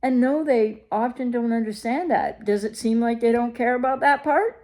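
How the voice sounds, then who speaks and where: A woman's voice: fairly high pitch, normal speed, darkish tone. A woman recovery coach talking straight to her viewers, emphatic and full of rhetorical questions. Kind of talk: direct-to-camera advice talk.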